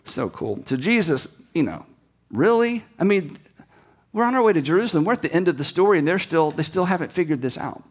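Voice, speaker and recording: Male pastor, sermon talk, fairly high and very expressive delivery, acts out quotes, hushes for emphasis. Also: brisk. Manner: animated storyteller who acts out quotes and drops to quiet emphasis. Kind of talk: sermon-style talk to seminary students.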